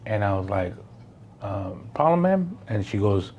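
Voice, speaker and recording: A man's voice: low-pitched, flat delivery, unhurried, dark tone. A man tells stories in loose, rambling talk, swearing and dropping Spanish words. A faint hum of room noise sits behind him. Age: 40s. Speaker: guest. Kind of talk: casual conversational storytelling.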